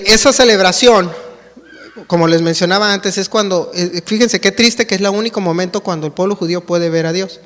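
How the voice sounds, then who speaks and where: Mexican pastor, man, high voice, chatty sermon delivery in a reverberant church hall. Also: fairly bright tone. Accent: Mexican Spanish. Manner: conversational, addresses the congregation directly with fillers.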